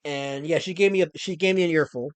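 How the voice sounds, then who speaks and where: A man with a high voice hosts a livestream. He talks straight to his chat in a mock-pompous, stammering way. The sound is dry, with no room echo. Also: fast, clear, resonant tone. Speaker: livestream host.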